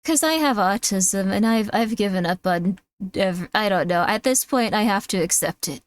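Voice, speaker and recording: A woman's voice: mid-range voice, normal speed. Rambling, joking woman streamer. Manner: rambling, joking, self-deprecating. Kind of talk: casual reaction chat.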